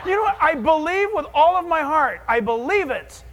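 Animated, jokey preacher man. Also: very high-pitched, normal speed, long reverb tail, slight background noise. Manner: animated, jokey, swings from hushed asides to loud exclamations. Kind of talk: sermon.

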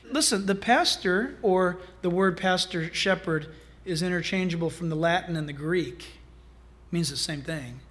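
Animated high-voiced male pastor preaching. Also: a little slow. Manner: animated, humorous preaching with asides. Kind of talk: sermon.

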